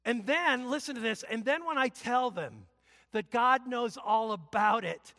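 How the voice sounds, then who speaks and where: Man, pastor, high bright voice, emphatic sermon, reverberant church hall. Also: measured pace. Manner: emphatic, conversational preaching with sudden loud exclamations. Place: church sanctuary.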